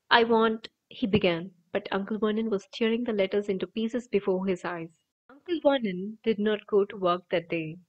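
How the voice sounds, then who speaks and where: Woman, audiobook reader, expressive storytelling, middle pitch, dull lo-fi recording. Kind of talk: audiobook narration.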